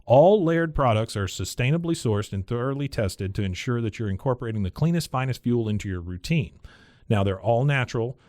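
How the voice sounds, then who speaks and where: A man's voice: medium pitch, lively intonation, brisk, a little mellow, dry recording, clean studio sound. A man co-hosting a podcast, reading a sponsor spot in a chatty, conversational way. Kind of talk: casual ad read.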